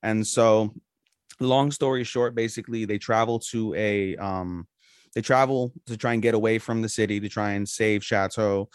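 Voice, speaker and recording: A man's voice: lowish voice, fairly even intonation, moderate pace, clean tone, no echo, studio quality. A man co-hosting a podcast, chatting casually and rambling through a plot recap with loose, profane talk. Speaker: podcast co-host. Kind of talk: casual anime review chat.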